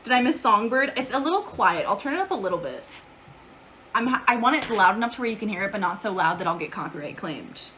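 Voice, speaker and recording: Woman streamer, chatty and loose, swears offhand, bright, forceful voice. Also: medium pitch, very animated, fast talker, a little hiss or hum. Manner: chatty, swears casually, answers chat aloud. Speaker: live streamer. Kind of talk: casual live-stream chat. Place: at home.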